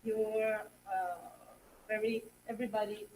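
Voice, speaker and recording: A woman's voice: fairly high pitch, fairly even intonation, a little hiss or hum. A young woman teacher, close to tears, hesitantly thanks her students and colleagues. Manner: halting, many fillers, trails off. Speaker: young substitute English teacher. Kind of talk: emotional thank-you speech. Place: school assembly hall. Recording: distant mic in a hall.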